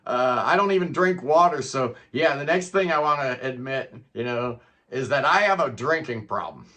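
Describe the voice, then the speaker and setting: A man's voice: medium pitch, animated, normal speed, bright, forceful tone. A middle-aged man talking in a casual, rambling solo monologue as a music vlogger, often tacking "man" onto his sentences.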